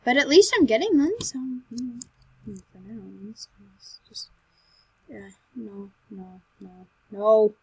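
Woman gamer narrating her own play; dry close sound, high-ish voice, bursts into excited squeals. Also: measured pace, vocal fry, breathy edge, no room sound, low-quality recording. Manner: excitable, with sudden loud high outbursts; chatty, talks to herself and to the animals in the game. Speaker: Minecraft let's player. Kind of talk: gameplay commentary.

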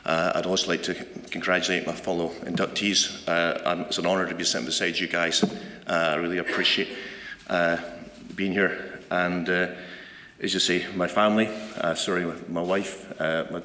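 A deep-voiced, middle-aged Scottish man stumbles through an overwhelmed thank-you speech, full of fillers and restarts. His voice is bright and clear, and it carries with a long echo through a large hall. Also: flat delivery. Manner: nervous and halting, many fillers and restarts. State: emotional, overwhelmed. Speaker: award recipient. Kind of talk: unscripted acceptance speech. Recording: echoey hall, faint background noise.

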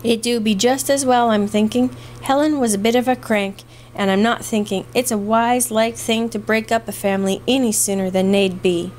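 A woman's voice: a little high, steady tone, moderate pace, hardly any pauses, darkish tone, slight background noise, lightly acted, low-quality recording. A woman voicing a fond, scolding old housekeeper with an Irish brogue, read in a storybook.

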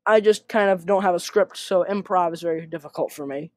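A woman's voice: lowish voice, brisk, no echo. A woman giving casual gameplay commentary as a YouTuber, rambling and self-deprecating with many fillers. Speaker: gaming YouTuber.

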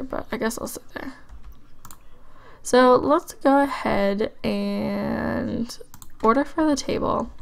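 A woman's voice: on the high side, vocal fry. A woman giving casual gameplay commentary as a let's play host, chatty and musing aloud with frequent ums and likes.

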